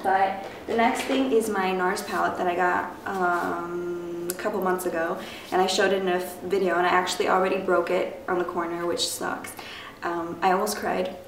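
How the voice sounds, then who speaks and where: Young woman rambling about makeup, raspy morning voice, lots of um and like, echoey room, mic kinda far. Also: lowish voice, steady tone, moderate pace. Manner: chatty, filler-heavy, rambling. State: raspy from just waking up. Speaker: beauty vlogger. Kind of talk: casual product review. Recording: echoey room, mic at a distance, faint noise.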